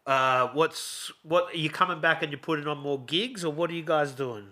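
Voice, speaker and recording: A man's voice: on the high side, moderate pace, sharp tone. A man hosting a podcast, asking loose, restarting interview questions in a casual tone. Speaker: podcast host.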